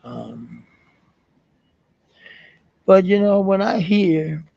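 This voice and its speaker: A man from Denmark chatting casually and rambling on a livestream, swearing now and then and filling pauses with ums. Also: sits high, fairly even intonation, creaky, warm tone, no echo. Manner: rambling, laid-back, swears casually, many fillers. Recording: dull lo-fi stream audio.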